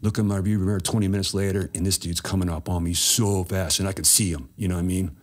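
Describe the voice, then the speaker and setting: Male guest, very low voice, loose and profane storyteller. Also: fairly even intonation, quick pace. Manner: laid-back, profane, slangy. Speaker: podcast guest. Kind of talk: casual storytelling.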